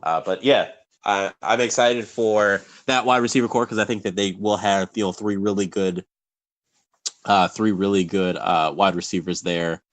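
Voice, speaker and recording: A man's voice: fairly low pitch, steady tone, moderate pace. A man co-hosting a sports podcast, talking casually and rambling with many fillers and restarts. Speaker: podcast co-host.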